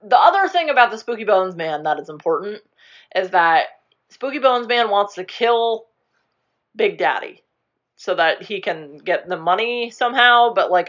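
A woman's voice: medium pitch, fairly bright tone, highs cut off. A young woman chatting casually, rambling through a movie plot, swearing now and then and acting out the characters' lines. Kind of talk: casual chat retelling a movie.

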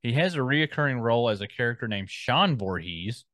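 A man's voice: medium pitch, lively intonation, a little fast, fairly bright tone, no room sound. A man co-hosting a podcast in casual chat, rambling as he scrolls and reads out film listings. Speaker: podcast co-host.

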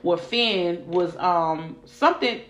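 A woman's voice: on the low side, slow, roomy sound. A young woman co-hosting a casual chat, retelling a story bluntly with profane, emphatic asides. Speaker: podcast co-host.

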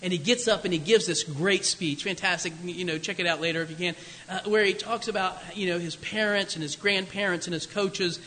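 A man preaches a sermon in a loose, conversational manner, joking and wandering into asides. His voice sits high and sounds bright. The long reverb of a large hall trails behind him. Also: fairly even intonation, a little fast. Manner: conversational, jokey, many asides. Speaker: pastor.

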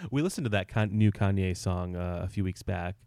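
A man's voice: low voice, a little mellow, clear, resonant tone, dry recording. A man co-hosting a podcast in casual chat, joking loosely, laughing often and talking with plenty of fillers. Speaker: podcast co-host.

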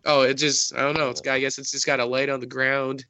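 A man's voice: mid-range voice, level tone, quick pace, pushed and bright, no room sound, highs cut off. A man co-hosting a podcast, rambling through a silly hypothetical with lots of fillers. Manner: rambling, filler-heavy speculation. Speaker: podcast co-host. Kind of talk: casual chat.

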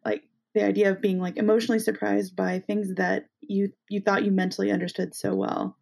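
A woman's voice: medium pitch, flat delivery, brisk, gravelly, a little mellow. A woman who works in women's healthcare, chatting casually with many restarts and hesitations. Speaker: women's healthcare worker, co-host. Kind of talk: casual conversation.

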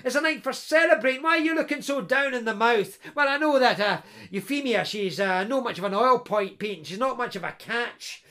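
A man's voice: very high-pitched, a little fast, few pauses, pushed and bright, pitched above the performer's own voice. A man voicing a boisterous young best friend, jovial and chatty, nudging his friend along. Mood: jovial teasing.

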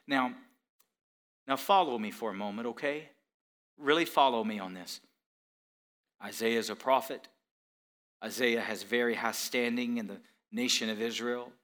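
Slow, bright-voiced male preacher. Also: fairly low pitch. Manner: dramatic swings from hushed to shouted; rhetorical questions to the congregation. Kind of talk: sermon.

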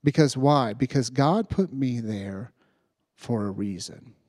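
A man's voice: mid-range voice, animated, takes it slowly, a little mellow, dry recording, studio quality. A man giving a sermon testimony, telling a story and building to fervent preaching. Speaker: youth speaker.

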